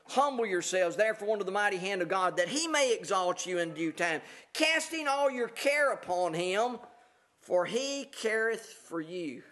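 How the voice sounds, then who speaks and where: A pastor preaching a conversational sermon, reading scripture aloud and explaining it with frequent fillers and restarts. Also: male voice, high-pitched, lively intonation, a little slow, pushed and bright.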